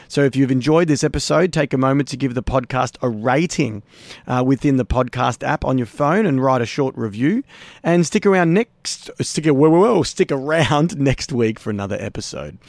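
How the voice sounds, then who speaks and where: Laid-back Australian podcast host. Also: male voice, medium pitch, animated, normal speed, creaky, darkish tone, no room sound. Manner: laid-back, jokey, laughs often. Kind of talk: casual podcast outro and chat.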